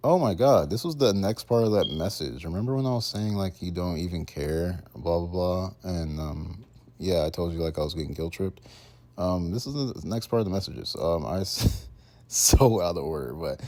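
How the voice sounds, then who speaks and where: Low gravelly young man rambling. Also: normal speed. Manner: rambling, full of fillers and "bro", drifting from mumbling to loud. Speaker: vlogger reading out chat messages. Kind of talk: casual rambling commentary.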